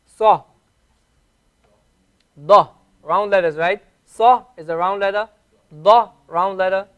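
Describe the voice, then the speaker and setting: A man teaching a classroom language lesson, patiently drilling letter sounds and repeating each one clearly. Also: sits high, unhurried, a bit bright. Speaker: Arabic teacher.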